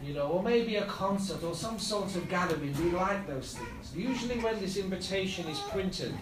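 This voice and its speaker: A man preaching a sermon, speaking slowly and building to fervent repeated appeals, at times chuckling at his own jokes. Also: high-pitched, expressive, background noise. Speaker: pastor. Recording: echoey hall, heard from a distance.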